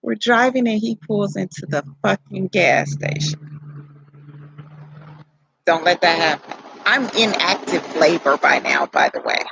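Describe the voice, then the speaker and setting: A young woman tells a personal story in a casual, rambling way, full of profanity and self-corrections. Her voice is gravelly and a little husky, recorded close and dry with no room sound. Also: fairly low pitch, very animated, normal speed, a bit bright, no echo, poor audio. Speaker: vlogger telling her birth story.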